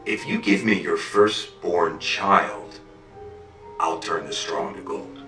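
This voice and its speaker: Sly little imp, put on by a man storyteller, low and hushed, echoey far-off mic with faint music. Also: takes it slowly, heavily acted. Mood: menacing. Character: mischievous little imp, male, sly and menacing.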